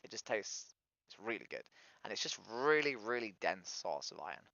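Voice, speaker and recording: A young man from Britain in casual chat on a video call, talking in a relaxed way and explaining things at length. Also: fairly low pitch, moderate pace, gravelly. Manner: relaxed, chatty, likes to explain recipes. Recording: dull lo-fi video call audio.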